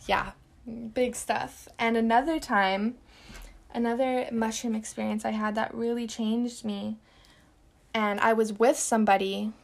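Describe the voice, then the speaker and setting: Emphatic young woman telling her story. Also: mid-range voice. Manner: emphatic, repeats words, swears casually. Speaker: podcast host. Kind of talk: personal storytelling monologue.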